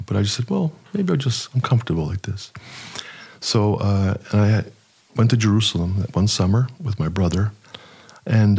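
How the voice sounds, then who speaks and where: A middle-aged priest telling a personal story in an interview, unhurried and hesitant, with many fillers. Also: male voice, low voice, darkish tone, breathy edge.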